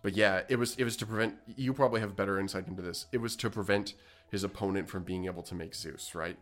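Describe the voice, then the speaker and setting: A man with a very low voice chats casually as a podcast co-host, rambling through restarts and laughing often. Faint music hums underneath him. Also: fast, a bit bright. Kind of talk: casual chat.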